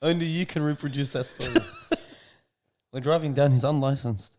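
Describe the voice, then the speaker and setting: A man's voice: medium pitch, normal speed, darkish tone. A young man chatting on a podcast, teasing a friend and laughing as he jumps in. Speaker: podcast co-host. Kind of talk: casual chat.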